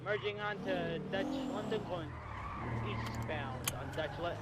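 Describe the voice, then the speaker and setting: A man gives rapid police-radio callouts of a chase, naming streets and directions in clipped bursts. His voice sits high for a man. The line is loud with noise and traffic sounds behind.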